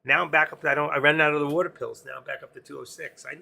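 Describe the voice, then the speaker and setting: Gravelly, husky-voiced older man trading live. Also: on the high side, steady tone, racing, pushed and bright. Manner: rambling, joking asides, sings snatches of songs. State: losing his voice. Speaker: stock trading livestream host. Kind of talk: casual live-stream market commentary.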